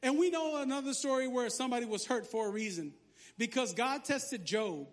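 High-voiced joking man preaching. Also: a little fast. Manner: lively, joking preacher with sarcastic asides. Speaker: pastor. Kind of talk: sermon.

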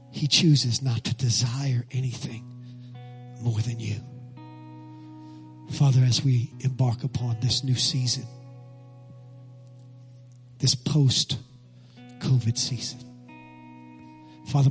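A male pastor preaching with passion, leading the congregation in call-and-response and then praying. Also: mid-range voice. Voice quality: husky. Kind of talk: sermon and prayer. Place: church sanctuary.

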